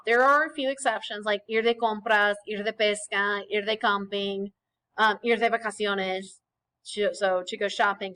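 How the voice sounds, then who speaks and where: A woman teaching Spanish in a recorded lecture over slides, explaining patiently and often checking in with a quick "okay?". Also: mid-range voice, pushed and bright, poor audio.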